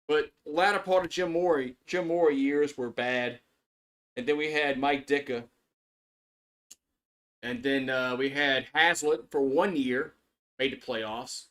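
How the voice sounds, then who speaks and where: A man with a somewhat high voice calls a game live in a loose, chatty play-by-play. He rambles and restarts his sentences, swears freely and works himself up as he talks. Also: slow, pauses often, a bit bright. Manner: rambling, repetitive restarts, swearing, gets worked up. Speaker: sports streamer doing live play-by-play. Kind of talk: casual live play-by-play and reaction.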